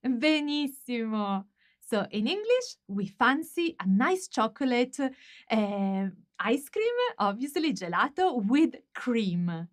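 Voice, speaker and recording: A woman giving a language lesson, her voice pitched fairly high. She speaks slowly and patiently, explaining each phrase step by step. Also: sing-song. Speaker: Italian teacher.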